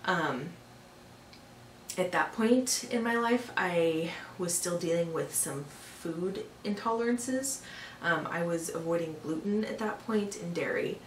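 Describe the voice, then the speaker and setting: A woman's voice: lowish voice, animated, a little slow. A young woman telling a personal story in a casual vlog, chatty and full of filler words, growing exasperated at times. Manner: chatty, lots of fillers, exasperated when retelling. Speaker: vlogger. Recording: echoey room, a bit far from the mic, faint hiss.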